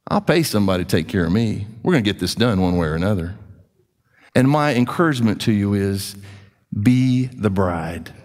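A man preaching a sermon as a pastor, in an animated, conversational way with joking asides. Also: on the low side, quick pace. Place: church hall. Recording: hall reverb.

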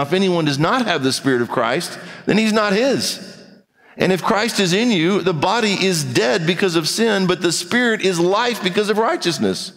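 A man's voice: high voice, long reverb tail. A man preaching a sermon as pastor, reading scripture and repeating key phrases for emphasis.

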